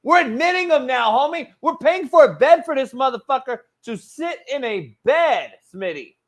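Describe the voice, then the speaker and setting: A man's voice: very high-pitched, very animated, normal speed, a bit bright. A man hosting a sports talk show, ranting in a heated, profane, slangy way. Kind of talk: casual talk-show rant.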